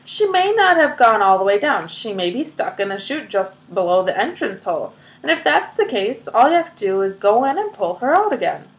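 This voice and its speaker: A woman reading aloud, voicing a calm, unbothered eccentric male candy maker. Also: mid-range voice, normal speed, few pauses.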